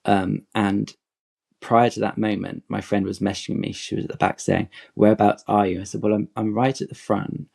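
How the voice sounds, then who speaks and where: A man's voice: on the low side, moderate pace, creaky. A man in his forties telling a long fan story in a casual podcast chat, acting out quotes as he goes. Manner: animated, digressive anecdote with acted-out quotes.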